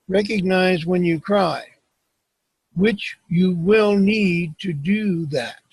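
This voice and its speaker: A man reads a self-help book aloud, slowly and deliberately, pausing over each line and sometimes stumbling and restarting. His voice sits high for a man and has a husky edge. The recording is close and dry, with no room sound. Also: a little mellow, no room sound, poor audio. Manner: slow, measured reading with occasional slips and restarts. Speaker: audiobook reader.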